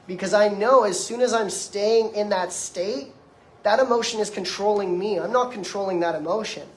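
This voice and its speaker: A man's voice: high voice, moderate pace. Young man lecturing in an echoey room. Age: 20s. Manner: emphatic, conversational, addresses audience directly. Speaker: detox practitioner giving a lecture. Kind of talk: motivational lecture.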